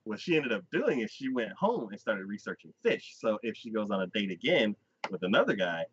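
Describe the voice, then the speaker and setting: A man hosting a casual podcast chat, recapping a story with lively energy and acting out the characters' lines. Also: on the low side, brisk, a little hiss or hum. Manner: animated storyteller who acts out characters' lines in quoted voices. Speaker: podcast host. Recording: dull, dry lo-fi recording.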